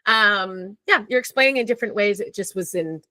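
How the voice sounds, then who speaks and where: A woman's voice: medium pitch, fairly quick, sharp tone, no echo. A woman talking candidly and casually as a podcast guest, swearing freely and acting out her own thoughts. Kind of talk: casual conversation.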